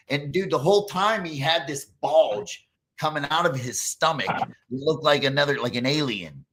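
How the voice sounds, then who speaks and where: A man hosting a casual chat, telling stories in an animated, profane way. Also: a little high, moderate pace, slight background noise.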